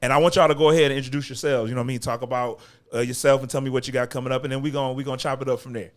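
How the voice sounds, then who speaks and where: A man's voice: medium pitch, steady tone, rapid-fire. A man hosting his own talk show, introducing guests with slangy, hyped enthusiasm. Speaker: podcast host.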